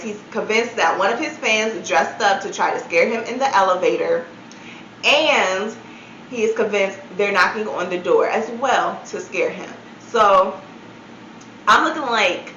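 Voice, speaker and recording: A woman at a mid pitch recounts a story in a casual storytime style, dropping "like" every few words and breaking off for disbelieving asides. Her voice bounces around a roomy space, and the sound is a little dull, as if from a modest mic. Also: measured pace, sharp tone, slight background noise. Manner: chatty, many "like" fillers, incredulous asides. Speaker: storytime vlogger.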